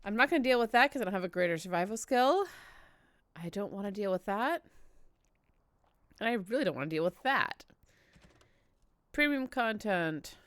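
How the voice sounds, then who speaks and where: A woman's voice: medium pitch, animated, normal speed, long pauses, fairly bright tone, dry recording. A woman giving casual let's-play commentary, chatty and wry, talking to herself and the game as she plays. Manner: swears casually. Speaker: gamer playing through a story game.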